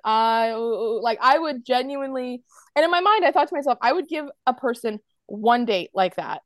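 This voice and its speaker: A high-pitched American woman co-hosting a chatty podcast, rambling and filling every pause with "like". Her voice is recorded dry and close, with no room around it. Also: lively intonation, no echo. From United States. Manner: rambling, heavy use of "like", acts out quotes. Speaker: podcast co-host. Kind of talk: casual chat.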